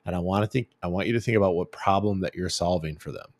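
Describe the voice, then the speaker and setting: A man's voice: deep voice, quick pace, a little mellow, no room sound. A middle-aged man giving a casual branding presentation, chatty and full of fillers and restarts. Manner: chatty, filler-heavy, self-correcting. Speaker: agency CEO giving a branding talk.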